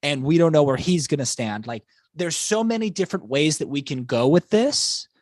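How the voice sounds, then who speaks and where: A man's voice: a little high, animated, no echo, studio quality. A man co-hosting a casual wrestling talk show, arguing his points with enthusiasm and a lot of "like". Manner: enthusiastic, fast-building arguments with many likes. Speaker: podcast co-host.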